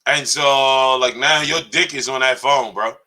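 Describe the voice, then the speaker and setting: A man co-hosting a comedy podcast, telling stories in a profane, animated way and laughing often. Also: mid-range voice, measured pace. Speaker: podcast co-host. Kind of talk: casual comedic banter.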